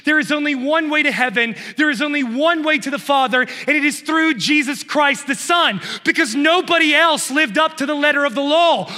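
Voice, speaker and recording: A man preaching a fervent sermon, building up to shouts and calling out to the congregation. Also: very high voice, big-room sound.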